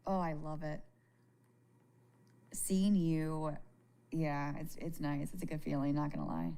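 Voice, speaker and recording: A woman talking casually to viewers on a live stream, candid and halting, swearing freely and often restarting her sentences. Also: low voice, dark tone, smooth. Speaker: livestreamer.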